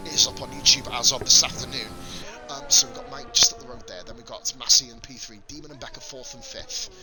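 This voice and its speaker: Excitable sweary racing streamer. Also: male voice, medium pitch, fast, music in the background. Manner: excitable, sweary, chatty with chat, bursts of loud excitement. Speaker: racing league commentator and streamer. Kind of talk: live sim-racing commentary.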